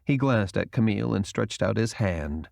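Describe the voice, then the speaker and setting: Audiobook narrator: man, expressive and lively, dry studio sound. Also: lowish voice, moderate pace, gravelly, no room sound. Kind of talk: scripted narration.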